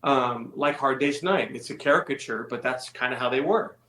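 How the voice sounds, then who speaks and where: A man from California, a musician guest telling stories in a relaxed, self-deprecating way. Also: medium pitch, normal speed. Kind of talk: casual interview chat. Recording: echoey room.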